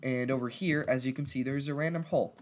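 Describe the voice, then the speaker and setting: A man giving casual gameplay narration as a video creator, rambling and halting and often restarting his sentences. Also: medium pitch, steady tone, heavy background noise.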